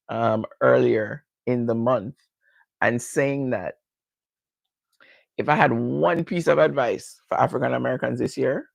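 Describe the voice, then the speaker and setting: A woman's voice: extremely low pitch, gravelly, a little mellow, no room sound. A middle-aged woman with a Jamaican accent chatting casually with viewers during a live hair care stream, laughing often and answering them directly.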